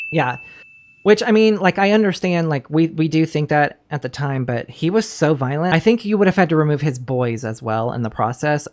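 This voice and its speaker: A woman giving blunt, emotional commentary while recapping a true-crime episode, swearing freely. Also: deep voice. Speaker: commentary host. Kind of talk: casual reaction commentary.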